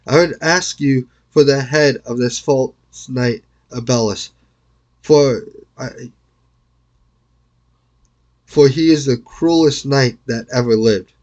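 A man's voice: medium pitch, slow, pauses often, darkish tone, muffled recording, lightly acted. A man reading aloud, voicing a young lady who firmly demands vengeance. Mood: urgent. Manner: urgent, firm.

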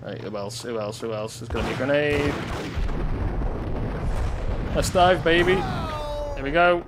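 A man with a fairly high voice talks through a shooter game with a very lively, swooping delivery. He curses and yelps at the action. Game gunfire sits loud in the mix behind him. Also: unhurried, heavy background noise. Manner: excitable, swearing, yelps and laughs at the action. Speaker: gameplay commentator. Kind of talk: let's-play commentary.

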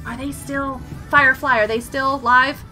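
A woman live streaming a game, excitable and chatty, laughing and yelling at what happens on screen. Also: high-pitched, a little slow, loud music behind the voice.

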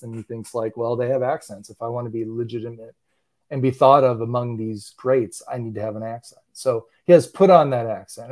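A man's voice: mid-range voice, darkish tone. A middle-aged man chatting as an interview guest, wry and self-deprecating, often restarting his sentences. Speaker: interview guest, animation creator. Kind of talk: casual interview chat.

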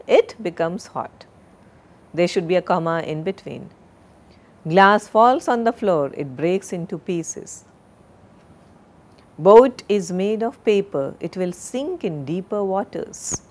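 Woman, lecturer, slow deliberate delivery, lowish pitch, recorded lesson, lapel mic. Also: expressive, darkish tone. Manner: slow, deliberate, drills word pronunciations.

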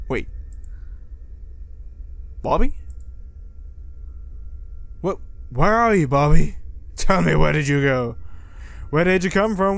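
A man with a fairly high, very lively voice that swings up and down as he plays through a horror game. He reads the on-screen lines to himself, then jumps and swears at every scare. Faint music sits under his talk. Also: slow pace, gravelly, pauses often. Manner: jumpy, reacts aloud and swears. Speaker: gaming video host. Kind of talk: horror let's-play commentary.

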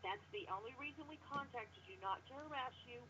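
A woman's voice: on the high side, fast talker. A woman working as a call center representative, polite but firm with the caller. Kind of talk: customer service phone call. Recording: lo-fi phone line with faint noise.

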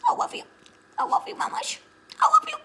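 A woman's voice: high voice, slow, pushed and bright, full character voice. A woman voicing a doting little poodle girl. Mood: adoring. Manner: sweet, doting, repeats her affection over and over. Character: adoring young female mini-poodle, clingy and food-loving. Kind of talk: playful home-video voice-over of a pet.

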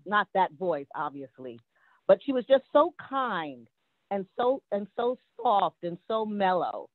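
A woman's voice: medium pitch, dry recording. Woman telling a memory over a tinny line. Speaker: caller sharing a memory. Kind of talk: spoken reminiscence. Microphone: remote call. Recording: tinny, dry phone-line audio.

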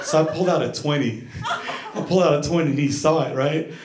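A man's voice: fairly high pitch, brisk, a crowd in the background. A man doing a stand-up comedy set, telling stories animatedly and acting out scenes on a club stage. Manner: animated storytelling, acts out scenes. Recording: echoey club, audience laughter.

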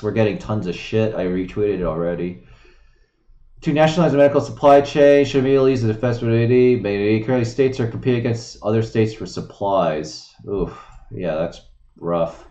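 A man's voice: fairly low pitch, darkish tone. A man ranting and rambling in profane casual commentary, reading off headlines on his own show. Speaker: solo streamer. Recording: roomy, dull lo-fi sound.

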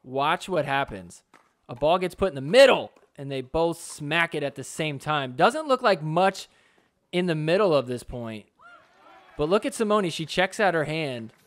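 A man's voice: a little high, a little slow. A man hosting a sports podcast, talking casually over match footage and acting out the players' reactions. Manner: chatty, animated, playing out players' reactions. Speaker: podcast host. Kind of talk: casual video commentary.

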